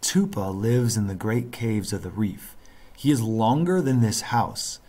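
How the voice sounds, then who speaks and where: A man reading aloud, voicing an old island grandfather from a storybook who tells tales in a low, hushed, solemn way. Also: big pitch swings, measured pace.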